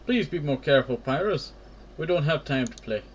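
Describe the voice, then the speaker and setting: A woman's voice: low-pitched, lively intonation, a little fast, a little hiss or hum. A man voicing a cheerful young woman who delivers newspapers with her dog, in an upbeat put-on accent.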